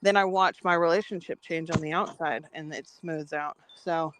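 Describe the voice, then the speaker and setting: Against a noisy background, a woman speaks at normal speed in a low voice. As a podcast co-host in a relaxed spiritual conversation, she spins lively stories and performs the voices of the people she quotes.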